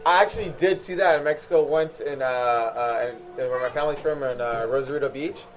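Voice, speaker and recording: A man's voice: medium pitch, fast talker, slight background noise, rough recording. A young man co-hosting a podcast, joking and telling stories in casual chat. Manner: storytelling, joking, animated. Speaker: podcast co-host.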